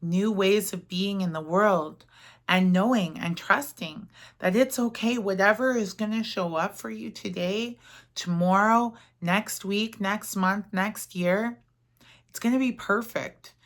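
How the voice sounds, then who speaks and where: A woman's voice: medium pitch, a little slow. A middle-aged woman giving an earnest, conversational spiritual talk, often checking in with "right?". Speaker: motivational speaker.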